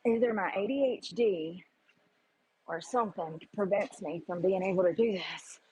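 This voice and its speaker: A woman's voice: lowish voice, moderate pace, dark tone, husky, rough recording. A woman talking to her camera in a gym, blunt and profane, explaining her workout in a casual chatty way. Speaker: vlogger. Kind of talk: casual gym vlog talk. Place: public gym.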